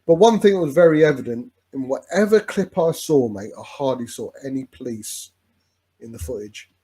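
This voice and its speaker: Chatty fan with a mellow voice. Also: male voice, medium pitch, animated, normal speed. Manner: chatty, rambling with many restarts, says "mate" a lot. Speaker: fan co-host. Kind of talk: casual football watch-along chat.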